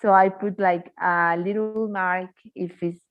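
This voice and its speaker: A woman's voice: on the low side, steady tone, unhurried, dull audio, slight background noise. A woman with Spanish as her first language, tutoring English in a casual, chatty way with lots of fillers. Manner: chatty, opinionated, many fillers. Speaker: English teacher. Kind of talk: casual online tutoring chat.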